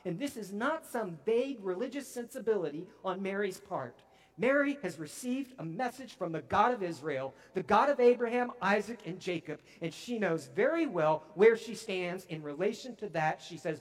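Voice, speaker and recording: A man preaching a sermon as pastor, emphatic and swinging from near-whispers to booming declarations. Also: expressive, moderate pace.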